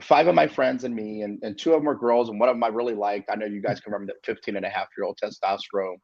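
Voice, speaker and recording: A man in his forties, an inspirational speaker, telling a personal story in an earnest, halting way with many fillers and restarts. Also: on the low side, fairly even intonation, gravelly, no room sound, lo-fi sound. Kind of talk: storytelling on a video call show.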